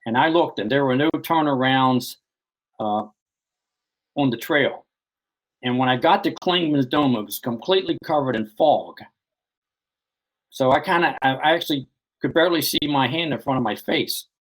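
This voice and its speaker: A man in an interview tells a long personal story. He rambles as he goes, with a steady stream of "you know" and sentences that restart midway. He is the author guest recounting what happened to him. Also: medium pitch, normal speed, long pauses, rough recording.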